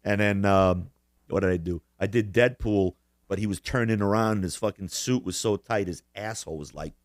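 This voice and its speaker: A man's voice: on the low side, moderate pace, no room sound, studio quality. A man co-hosting a casual podcast chat, profane and boastful, laughing often at his own stories. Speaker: podcast co-host.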